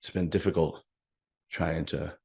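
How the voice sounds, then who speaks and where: Male host, low voice, candid rambling solo monologue to viewers, thinks aloud and restarts. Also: flat delivery, a little slow, gravelly, warm tone. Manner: candid, rambling, self-reflective with frequent restarts. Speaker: bodybuilding show host. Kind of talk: casual solo talk to viewers.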